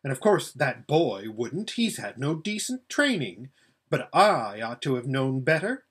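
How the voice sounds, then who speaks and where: A man voicing a brisk, proud, impatient girl of noble upbringing in a storybook reading, urgent and clipped. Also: medium pitch, sing-song, fairly bright tone, breathy edge, heavily acted. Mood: self-scolding.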